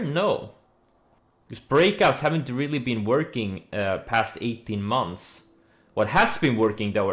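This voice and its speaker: A man's voice: medium pitch, a bit bright. A man hosting a casual trading livestream, talking bluntly and rambling, answering viewer questions as he goes. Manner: blunt, rambling, with frequent "you know" and "like"; reads viewer questions aloud and answers them. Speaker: stock trading streamer.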